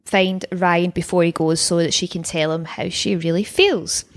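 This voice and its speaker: A woman's voice: fairly low pitch, fairly even intonation, moderate pace. A woman co-hosting a casual podcast, recapping episodes in a chatty, wry way with frequent laughs. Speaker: podcast co-host.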